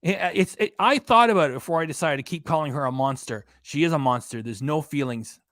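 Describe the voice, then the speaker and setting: A man delivers scornful, sarcastic commentary while reacting to a livestream, swearing freely. His voice sits a little high for a man. The recording is dry and close, with no room sound. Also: fairly quick, a bit bright, no room sound. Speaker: reaction channel host. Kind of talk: mocking commentary over a livestream.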